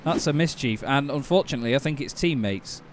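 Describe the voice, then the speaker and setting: A man with a Northern English accent doing excitable, jokey live sim racing commentary, quick to laugh and exclaim. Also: medium pitch, slight background noise.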